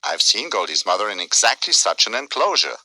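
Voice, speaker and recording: A man doing a calm, wise old bear in a cartoon. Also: fairly low pitch, a little fast, no echo, exaggerated voice, rough recording. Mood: explaining gravely.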